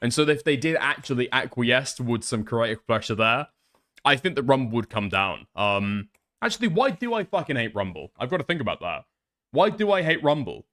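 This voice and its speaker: Man, streamer, casual commentary, sarcastic, profane, animated pitch. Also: brisk. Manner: profane, sarcastic, often laughs and reads messages aloud. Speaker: streamer commenting on online drama.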